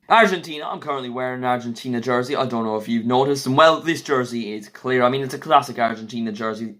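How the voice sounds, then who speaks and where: A man giving blunt, jokey, quick verdicts in a casual vlog, reviewing football kits. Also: medium pitch, a bit bright. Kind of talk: casual opinionated vlog commentary.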